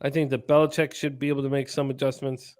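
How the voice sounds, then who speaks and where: A man's voice: mid-range voice, level tone, fast, a little mellow. A man hosting a live sports betting stream in a casual, upbeat way, reading out comments from viewers. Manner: upbeat, hypes bets, reads chat. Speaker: sports betting show host.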